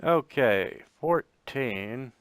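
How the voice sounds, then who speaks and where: Guy running a tabletop game, really slow, lots of ums, dry close sound. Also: mid-range voice, animated, clean tone, no room sound. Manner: slow, halting narration with fillers. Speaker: game master.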